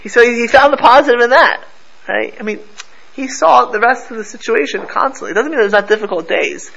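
High-voiced man teaching a lively Torah class. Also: a little fast, creaky, lo-fi sound. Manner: animated storyteller mixing Hebrew and Yiddish terms. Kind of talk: Torah class to a live group.

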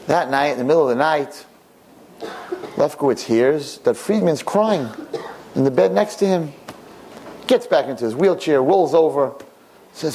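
Lively male storyteller, conversational. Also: fairly high pitch, normal speed. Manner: animated, conversational, with restarts. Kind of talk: oral storytelling.

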